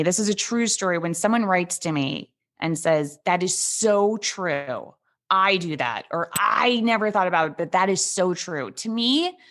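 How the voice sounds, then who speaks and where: New York woman with vocal fry. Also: lowish voice. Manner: animated, self-deprecating storytelling. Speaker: comedian and podcast host guest. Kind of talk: casual interview chat.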